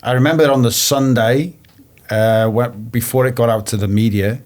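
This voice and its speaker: A man's voice: mid-range voice, steady tone, normal speed, darkish tone. A man from England, a guest on an interview show, telling a story bluntly and swearing often, acting out past phone calls. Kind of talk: casual storytelling.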